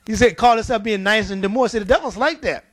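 A man's voice: high voice, fast. A man preaching a sermon, telling stories in an emphatic, colloquial way.

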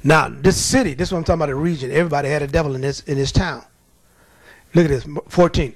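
Guy preaching, high voice, really animated storytelling, dry close sound. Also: quick pace, no echo. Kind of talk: sermon.

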